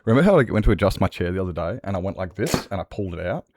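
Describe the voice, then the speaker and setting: A man's voice: low-pitched, animated, racing, background noise. An Australian man chatting casually and swearing freely with his viewers as a livestreamer, rambling from one thought to the next.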